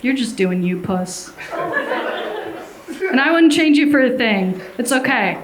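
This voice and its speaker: A woman's voice: high voice, very animated, takes it slowly, noisy background. A stand-up comedian, a woman from Chicago, talking hesitantly with lots of ums during a live set.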